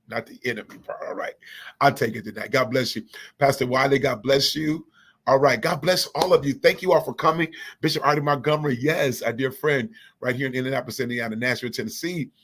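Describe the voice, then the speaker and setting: A man's voice: medium pitch, fairly bright tone, slightly rough. A man hosting a church organization's live online chat, energetically calling out viewers by name and blessing them. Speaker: livestream host of a church organization. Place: Indianapolis.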